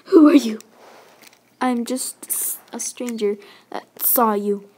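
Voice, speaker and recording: A woman voicing a laid-back male stranger who speaks low and casually. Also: takes it slowly, a little mellow, a little hiss or hum. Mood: cool. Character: smooth flirty male stranger.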